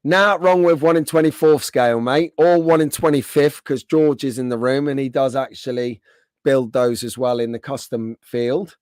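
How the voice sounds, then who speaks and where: A man hosting a casual live stream, chatting to his viewers and answering their comments by name. His throat is a bit rough and he keeps clearing it. The sound is dry and close, with a middle-pitched voice. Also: fairly even intonation, normal speed, a little mellow, no echo.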